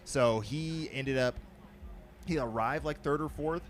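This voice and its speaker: A man reporting live on a race, out of breath, recapping runner positions in a quick, chatty way. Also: medium pitch, a little hiss or hum.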